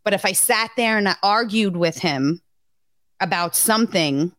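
Frank, foul-mouthed woman co-host, mid-pitched voice, dry close sound. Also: normal speed, fairly bright tone, no echo. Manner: frank, salty, swears freely. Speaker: podcast co-host. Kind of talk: casual chat.

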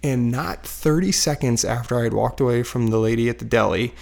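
A man in his thirties tells a story from his couch at home, with a gravelly voice and a mid pitch. He rambles in a casual, self-deprecating way, full of fillers and restarts. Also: fairly quick, darkish tone. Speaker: vlogger telling a personal story. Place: living room couch at home, dog barking nearby.

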